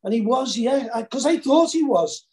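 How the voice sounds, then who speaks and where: A man's voice: very high voice, expressive, moderate pace, darkish tone. A man hosting a podcast interview, hesitant and often restarting his sentences. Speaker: podcast host. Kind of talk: casual chat.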